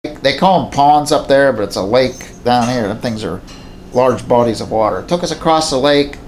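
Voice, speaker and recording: Sitting at home beside a mounted moose, a plainspoken man from southwestern Pennsylvania casually tells a hunting story to camera, repeating himself in a folksy way. His voice is mid-range at a moderate pace, with slight background noise.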